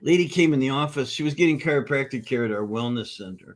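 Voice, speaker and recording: A man's voice: mid-range voice, fast talker. Upbeat middle-aged man telling stories. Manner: upbeat, animated storyteller who acts out quotes. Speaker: nutrition course founder and teacher. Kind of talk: conversational storytelling in an interview. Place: conference event.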